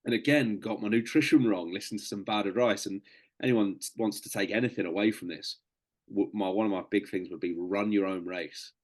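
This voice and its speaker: A man with a very deep voice tells a story on a podcast. He is chatty and relaxed, swears freely and keeps calling the host "mate". He speaks as a guest sharing an anecdote. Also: brisk. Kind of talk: casual storytelling.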